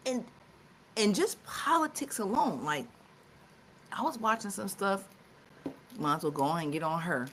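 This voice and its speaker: A woman's voice: medium pitch, animated, measured pace, pauses often, fairly bright tone, slight background noise. A woman co-hosting a live talk show, chatting casually with lots of fillers and restarts. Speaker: co-host.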